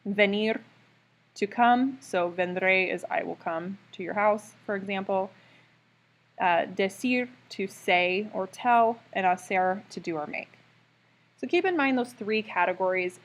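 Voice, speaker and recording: A woman's voice: mid-range voice, unhurried. Woman teacher explaining grammar patiently. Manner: clear, patient explaining with frequent okays. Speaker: Spanish teacher. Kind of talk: recorded grammar lesson.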